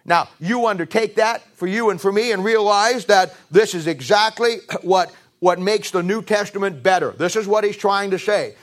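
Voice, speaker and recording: A man preaching a sermon with emphatic, repeated phrases, swinging from raised peaks to low drops. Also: moderate pace, few pauses. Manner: emphatic, rising to high-pitched emphasis and dropping low.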